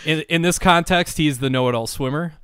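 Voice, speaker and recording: A man co-hosting a podcast in casual chat, quick with jokes. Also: on the high side, smooth, dry recording, clean studio sound. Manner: joking, animated. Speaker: podcast co-host.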